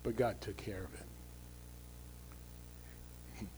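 A man's voice: on the low side, fairly even intonation, slow, mellow, slight background noise, low-quality recording. A male pastor giving a conversational, emphatic sermon, often checking in with the congregation through tag questions.

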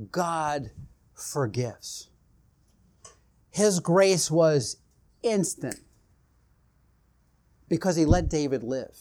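A man's voice: fairly high pitch, mellow. A man preaching a sermon, retelling scripture stories and acting out the quoted exchanges, building in intensity as he goes.

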